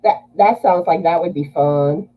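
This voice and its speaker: A woman's voice: low-pitched, a little slow, narrow, tinny audio. A woman from Louisiana hosting a casual livestream, greeting viewers and reading their comments aloud.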